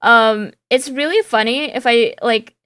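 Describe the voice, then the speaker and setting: Playful higher-voiced woman streamer. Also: measured pace, a bit bright, smooth, dry recording, studio quality. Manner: playful, giggly, drifts into a valley girl lilt. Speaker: game streamer. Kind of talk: casual playthrough commentary, reading game dialogue aloud.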